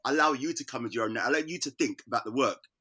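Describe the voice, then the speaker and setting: A man's voice: medium pitch, rapid-fire, bright, forceful tone. A man, an artist, talking candidly as an interview guest, emphatic, repeating words and restarting his sentences.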